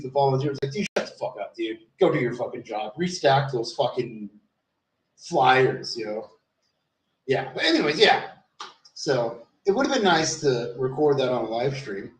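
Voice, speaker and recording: Male streamer, slightly high voice, loose profane storytelling, recorded roomy and off the mic. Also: distant mic. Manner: rambling, profane, many fillers and restarts. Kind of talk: rambling storytelling monologue.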